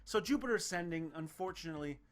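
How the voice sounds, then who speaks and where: A man's voice: a little high, expressive, fast. A young man co-hosting a film review podcast, talking casually and animatedly, swearing and mimicking characters from the films. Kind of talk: casual chat.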